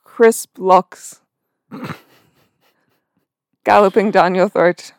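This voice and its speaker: A woman's voice: medium pitch, steady tone, very slow, creaky, dry recording, clean studio sound. A woman co-hosting a casual podcast, wry and teasing, with a self-deprecating humour. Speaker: podcast co-host. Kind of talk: casual chat.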